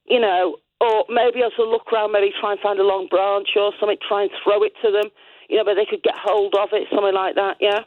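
A woman's voice: medium pitch, flat delivery, fast. Opinionated female caller, rambling and chatty, heard through a phone line. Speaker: radio caller. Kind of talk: casual phone-in chat.

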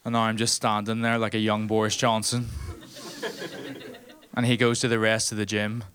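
A man's voice: lowish voice, monotone, moderate pace. A man performing a stand-up comedy set, telling a story with acted-out voices and bantering with the crowd in a small room.

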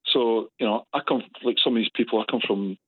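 A man's voice: mid-range voice, fast, husky, no echo. A Scottish man in his seventies calling into a radio phone-in, forthright and opinionated. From Scotland. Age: 70s. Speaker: caller. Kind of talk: phone-in call. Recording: tinny phone line.

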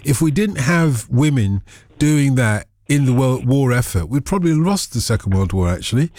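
A man's voice: mid-range voice, lively intonation, normal speed, a little mellow, dry recording, clean studio sound. A man from Liverpool with a Liverpool accent, hosting a casual radio phone-in in a jokey, playful way. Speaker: radio host.

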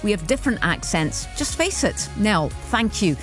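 A woman from Yorkshire hosts a morning radio phone-in in a studio, upbeat and chatty. Her voice sits at a middling pitch, and faint music plays beneath her. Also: very animated, moderate pace. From Yorkshire, England. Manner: chatty, upbeat, reads listener texts aloud. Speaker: radio presenter. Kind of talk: live radio phone-in hosting. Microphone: studio microphone.

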